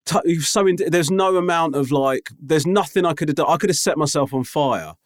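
A man's voice: fairly high pitch, fairly quick, no room sound, studio quality. A man chatting casually, telling a travel story with wry asides. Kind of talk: casual chat.

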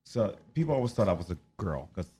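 A man's voice: deep voice, very animated, quick pace, dark tone, husky. A man in his late thirties in casual chat, flamboyant and sassy, calling people honey. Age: 30s.

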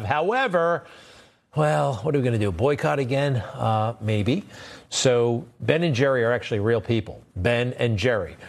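A man hosting a cable news show, talking in a sarcastic, indignant and conversational way. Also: mid-range voice. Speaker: TV news host. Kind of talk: opinionated cable news commentary.

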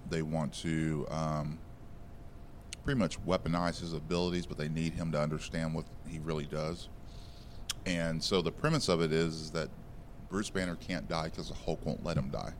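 A man's voice: very deep voice, fairly even intonation, normal speed, slight background noise. A man co-hosting a podcast, recapping a comic in casual chat with many fillers and restarts. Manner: rambling, filler-heavy recapping. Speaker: podcast co-host.

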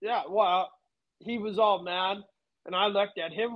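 A man's voice: high voice, normal speed, muffled recording. A man telling a work story in casual chat, laid-back, swearing freely. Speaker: podcast guest.

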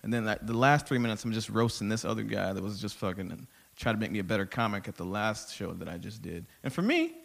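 A man who does stand-up comedy, telling profane stories in a casual podcast chat with big swings in loudness. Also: on the low side, quick pace, gravelly, hardly any pauses. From Texas. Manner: profane storytelling, animated swings in volume.

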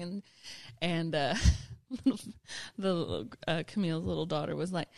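A woman co-hosting a podcast, chatting casually, laughing often and telling lively stories. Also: on the low side, fairly quick, no echo. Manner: laughs often, animated storytelling. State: pregnant. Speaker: podcast co-host. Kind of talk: casual chat.

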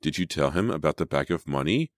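An accusing teenage girl with a hard, insistent edge, put on by a man with a very deep voice. Her lines come in a raised, pressing pitch in a dry storybook reading. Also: lively intonation, a little fast, no room sound.

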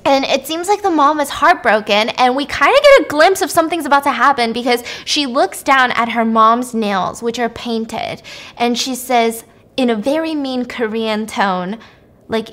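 A woman's voice: on the high side, moderate pace, fairly bright tone. A young woman hosting a podcast, casually recapping a movie in a chatty, filler-heavy way and swearing often. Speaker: podcast host.

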